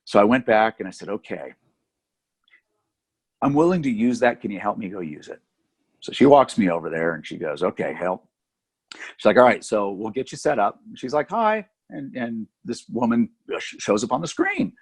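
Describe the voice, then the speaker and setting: A middle-aged man with a slightly husky voice tells an anecdote in a relaxed podcast chat. His pitch swings widely as he acts out the other people in the story. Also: moderate pace. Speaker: podcast co-host.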